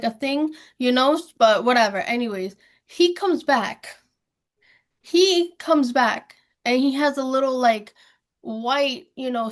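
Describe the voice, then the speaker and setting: A woman's voice: on the high side, fairly bright tone. A young woman hosting a podcast, telling a story in casual chat, slangy and swearing freely as she acts out what people said. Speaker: podcast host.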